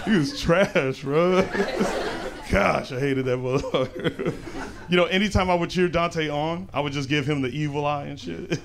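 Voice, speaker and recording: A man's voice: on the high side, unhurried, gravelly, a little hiss or hum. A young man doing a stand-up comedy set, brash and slangy, with punchy delivery on a club stage. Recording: loud crowd laughter behind. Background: audience laughing.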